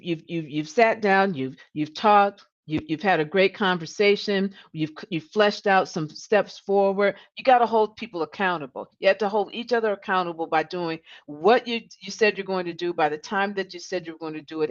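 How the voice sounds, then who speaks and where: A woman with a lowish voice hosts a live-streamed coaching talk. She speaks earnestly, often doubling back on words and leaning on "you know". The sound is dull and lo-fi. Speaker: leadership coach and host.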